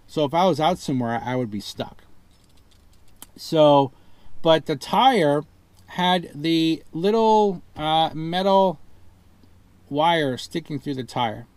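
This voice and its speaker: In a casual complaint vlog, a man reviews a car purchase gone wrong, retelling a phone ordeal with exasperation and rising indignation while mimicking the people he quotes. His fairly high voice is expressive, smooth and darkish. He speaks slowly with long pauses, and there's no echo.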